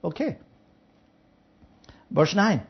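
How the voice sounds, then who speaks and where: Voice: mid-range voice, drawn-out words. A Bible teacher leading an interactive study, checking in with listeners and acting out the parable's speakers. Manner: checks in with listeners, asking "Yeah?"; acts out the parable's speakers in lively voices. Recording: dull lo-fi recording.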